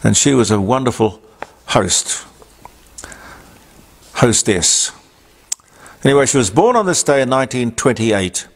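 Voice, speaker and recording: A man's voice: mid-range voice, expressive, measured pace, long pauses, breathy edge. An older man with an Australian accent hosting a talk show, reading on-this-day items with rambling asides and fillers. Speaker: radio talk host. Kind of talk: casual on-this-day segment.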